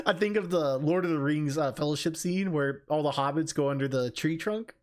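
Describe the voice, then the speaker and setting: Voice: mid-range voice, normal speed, a little hiss or hum. A streamer reading a game's story aloud and breaking off for chatty, laughing asides. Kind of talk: reading narration with live commentary.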